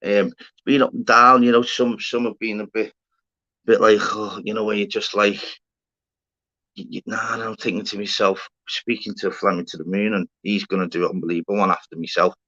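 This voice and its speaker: A man's voice: fairly low pitch, little pitch movement, a little fast, bright, forceful tone. A man hosting a casual livestream, rambling, swearing and bantering with viewers in the chat. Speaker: livestream host. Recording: dull lo-fi stream audio.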